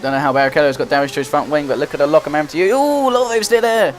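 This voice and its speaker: A young man giving running play-by-play commentary while playing a racing game, getting excited and frustrated as he drives. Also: on the high side, very fast. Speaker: gaming commentator. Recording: loud game music behind the voice. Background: game music and engine noise.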